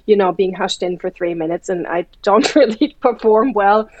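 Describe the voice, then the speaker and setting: A woman's voice: medium pitch, moderate pace, a little mellow, no echo, dull audio. A woman from Germany hosting a casual chat, telling stories full of "like" fillers. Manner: chatty storyteller, many "like" fillers. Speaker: host.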